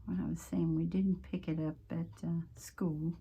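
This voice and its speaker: A woman with a Southern American accent chatting casually as she crafts, homey and prone to drifting off topic, with a slightly husky voice and frequent throat-clearing. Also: lowish voice, level tone, moderate pace, dark tone. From Southern United States. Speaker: crafting channel host. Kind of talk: casual craft-along chat.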